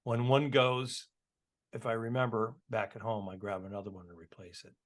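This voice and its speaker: A man's voice: on the low side, little pitch movement. Chatty man chiming in with asides. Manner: chatty, quick to chime in with practical asides. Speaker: podcast co-host. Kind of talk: casual chat.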